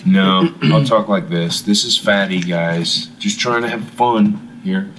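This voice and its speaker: A man in a band, joking in a put-on deep voice during a casual commentary in a hotel room. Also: slow pace, a bit bright, distant mic, a little hiss or hum, low-quality recording. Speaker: band member.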